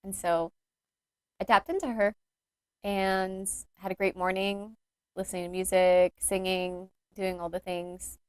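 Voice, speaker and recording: A woman's voice: mid-range voice, little pitch movement, a little slow, a little mellow, clean tone, no room sound. A woman hosting her own podcast as a yoga teacher, talking in an earnest, intimate and rambling way with many fillers. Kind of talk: reflective solo podcast talk.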